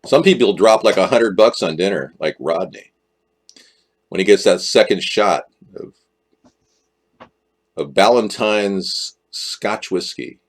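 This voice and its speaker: A man's voice: lowish voice, lively intonation, slow pace, pauses often. A man hosting a political live stream, rambling and joking and often jumping into exaggerated voices. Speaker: livestream host.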